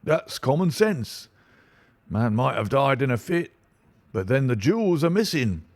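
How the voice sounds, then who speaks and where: Guy doing a husky wheezing blowhard police inspector, higher voice, slow and brash, audiobook. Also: very animated, dry recording. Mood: blustering. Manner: pompous, brash and self-satisfied. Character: stout, blustering middle-aged male police inspector. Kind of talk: audiobook reading.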